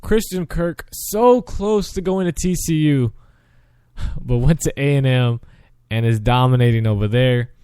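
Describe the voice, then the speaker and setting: A man's voice: mid-range voice, unhurried, warm tone, clean tone, no room sound. A young man hosting a sports show, casually running through his game picks, chatty and often correcting himself mid-sentence. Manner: chatty, self-correcting, frequent restarts.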